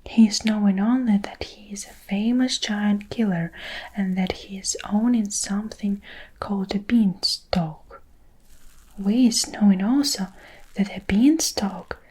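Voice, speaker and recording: A gentle old giant, whispered by a woman in a slow, breathy role-play. His earnest, muddled sentences come out soft and hushed, never above a breath. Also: mid-range voice. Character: kindly old male giant, mangled grammar.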